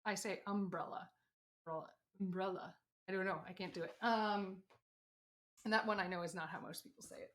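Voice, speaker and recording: A woman's voice: medium pitch, steady tone, a little fast, a bit bright. Chatty American woman crafting on a livestream. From United States. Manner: chatty, rambling, reads chat aloud. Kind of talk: casual livestream chat.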